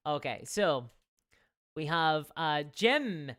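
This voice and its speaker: Woman, very low voice, live-stream host, casual rambling chat, restarts often. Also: sing-song, takes it slowly, a bit bright, clean tone. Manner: rambling, with frequent restarts and fillers; reads out and thanks viewer donations.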